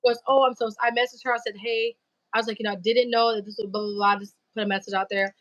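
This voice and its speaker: A woman hosting a live stream, chatting casually and telling animated stories full of slang and acted-out quotes. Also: on the high side, quick pace, no echo, dull audio. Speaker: livestream host. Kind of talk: casual chat.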